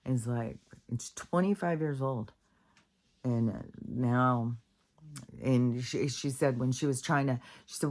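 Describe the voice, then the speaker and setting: A woman's voice: very deep voice, unhurried. A woman vlogger telling a story in a rambling casual monologue, with many fillers, restarts and blunt swearing. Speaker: spiritual vlogger.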